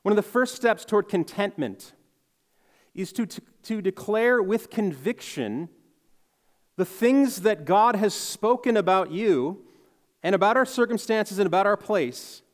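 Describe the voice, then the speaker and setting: A man's voice: high voice, lively intonation, a little slow, in a large hall. A man preaching a sermon in an earnest, reflective way, leaning hard on key words. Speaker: pastor.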